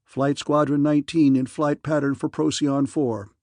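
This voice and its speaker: A man reading a spaceship radio receiver that announces a countdown in a crisp, mechanical way. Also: a little high, steady tone, extremely slow, darkish tone, no room sound, studio quality, voice pushed up. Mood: announcing.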